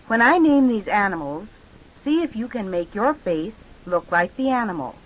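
A woman teacher leading children through movement and speech exercises with slow, patient, drawn-out instructions. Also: mid-range voice, lively intonation. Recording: dull lo-fi recording.

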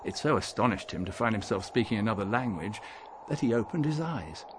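A man narrating an audiobook, reading in a measured, expressive storytelling manner. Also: on the low side, noisy background. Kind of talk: scripted narration.

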